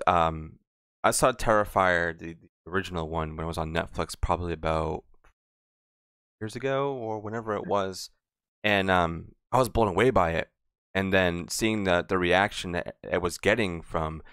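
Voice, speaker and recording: A man's voice: low-pitched, fairly bright tone, clean tone, no room sound, studio quality. Casual rambling male podcast host. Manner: casual, rambling questions with fillers. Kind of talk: podcast interview.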